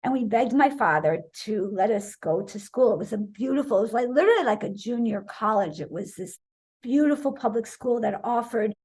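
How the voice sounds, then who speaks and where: A woman in her sixties from Wisconsin, a guest telling an animated story in an interview and acting out the voices she quotes. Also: on the high side, brisk, slightly rough. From Wisconsin, USA. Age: 60s.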